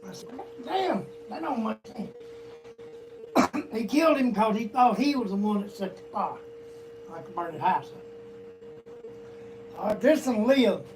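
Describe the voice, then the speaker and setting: An older man with a drawl spins rambling, profanity-laced yarns, his voice sitting fairly high for a man. He sounds set back from the mic, with plenty of room noise around him. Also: animated, moderate pace, pauses often. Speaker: storyteller guest. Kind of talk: casual storytelling. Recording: distant mic, noisy room.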